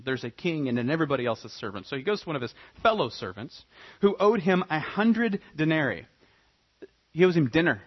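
A man preaching a sermon, dramatic, swinging between loud emphatic points and quiet hushed asides. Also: medium pitch, slightly rough, muffled recording. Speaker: pastor.

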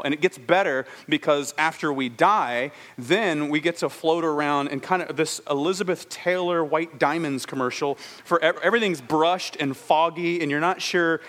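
A man preaching a sermon, telling stories with animated delivery and acting out the characters' lines, then slowing to a soft, reflective tone for his main points. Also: a little high.

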